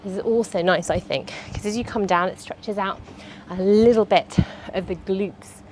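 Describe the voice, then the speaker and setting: A woman's voice: medium pitch, normal speed, a little mellow, slight background noise. A woman, a fitness instructor chatting and cueing movements through a workout.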